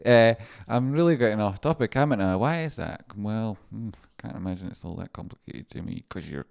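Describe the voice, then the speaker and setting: A man's voice: lowish voice, lively intonation, a little fast, creaky, a little mellow. A man running a casual livestream as a stock trader, rambling through chart talk and thanking donors, swearing and laughing often.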